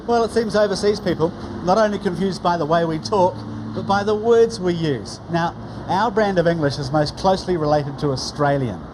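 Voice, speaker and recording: A man's voice: high-pitched, normal speed, noisy background. A man with a New Zealand accent giving wry, scripted documentary narration.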